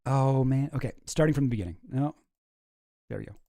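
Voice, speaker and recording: Talking over music, this YouTube commentary host has a gravelly, mid-range voice and a fairly quick delivery. His casual comedic commentary rambles and carries a wry edge, and he frequently interrupts himself mid-sentence.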